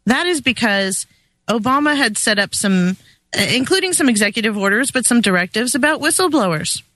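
A woman's voice: on the high side, animated, a little fast, a bit bright, dry recording. A woman joining a talk radio discussion as co-host, speaking emphatically with some hesitations.

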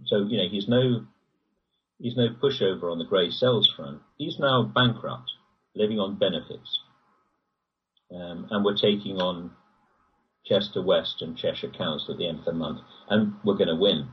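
A man being interviewed, talking in long rambling runs and jumping up in pitch when he stresses a point. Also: normal speed, slight background noise. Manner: rambling, animated, pitch jumps when emphatic. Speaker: guest. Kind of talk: conversational interview. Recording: distant, dull lo-fi audio.

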